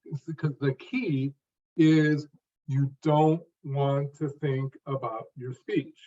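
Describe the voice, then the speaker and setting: Far from the mic and muffled, an older man, at least in his 50s, speaks slowly in a mellow, mid-range voice with fairly even intonation. As a stuttering coach and interview guest, he explains his method and how he learned to speak, using distinct phrases that stress a word near their ends.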